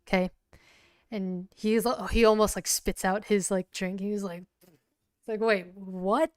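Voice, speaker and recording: A woman narrating her solo tabletop role-playing game on a livestream, halting with many restarts. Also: medium pitch, level tone, clear, resonant tone, dry recording, studio quality.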